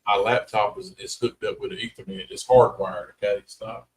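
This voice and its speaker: A man's voice: on the low side, fairly even intonation, brisk, a crowd in the background, rough recording. A middle-aged man, hosting a casual livestream chat in a rambling, folksy way. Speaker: host.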